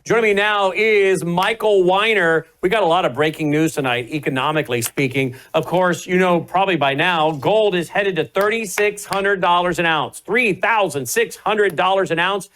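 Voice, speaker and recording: A man's voice: high-pitched, moderate pace, hardly any pauses, a bit bright, poor audio. A man in his fifties hosting a talk show, speaking emphatically and addressing viewers directly as folks. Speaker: host.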